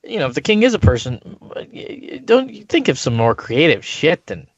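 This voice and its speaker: A man's voice: on the high side, sing-song, normal speed, dry recording. A man co-hosting a casual podcast, joking around and breaking into mock exasperated rants. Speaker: podcast co-host. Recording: dull, dry sound.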